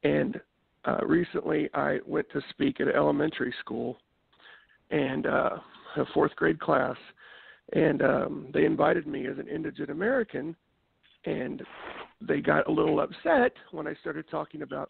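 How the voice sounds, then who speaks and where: A man calling in to a show, making an indignant, preachy complaint in a gravelly voice. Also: fairly high pitch, moderate pace, no echo. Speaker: caller. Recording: tinny phone line.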